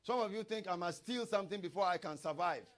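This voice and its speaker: A man's voice: high-pitched, fast talker. A man preaching a sermon in church as pastor, reading scripture aloud and breaking into tongues.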